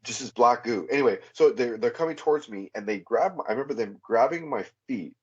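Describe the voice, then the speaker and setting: Husky-voiced man giving earnest testimony. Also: medium pitch, expressive, a little mellow, highs cut off. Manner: earnest, halting storytelling with many fillers and restarts. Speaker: podcast guest. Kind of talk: personal testimony, recounting a vivid experience.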